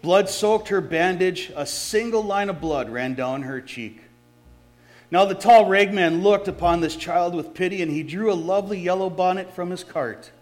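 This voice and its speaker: Pastor man reading a story to the church, kinda high voice, trips on words and fixes them. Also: moderate pace. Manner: reads with small slips and self-corrections. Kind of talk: sermon, reading a story aloud.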